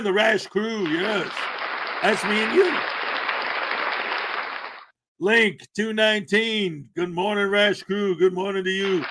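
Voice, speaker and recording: The recording is very noisy as a high-pitched man runs a casual morning livestream. Playful and joking, he greets viewers and gives them shout-outs by name.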